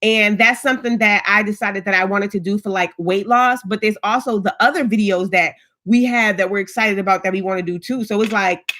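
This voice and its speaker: A woman's voice: medium pitch, a bit bright. A woman in her thirties hosting a live stream, chatting casually and greeting viewers by name with frequent restarts. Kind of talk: casual livestream chat.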